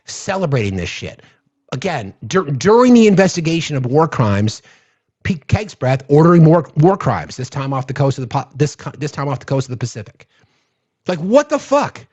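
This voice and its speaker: A man's voice: fairly high pitch, big pitch swings, normal speed, a little mellow, muffled recording. A man hosting a political livestream, ranting angrily and profanely, often repeating himself as he thanks viewers. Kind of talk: angry political rant on a livestream.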